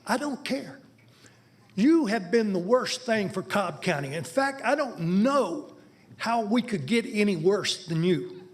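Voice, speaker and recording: A man giving an angry, insulting public comment at a county board meeting, speaking at a podium microphone. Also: high-pitched.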